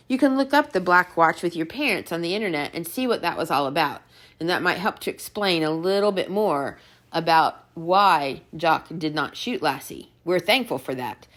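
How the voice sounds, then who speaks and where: A woman teacher reading a children's novel aloud, gentle and encouraging as she talks to her students. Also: on the low side.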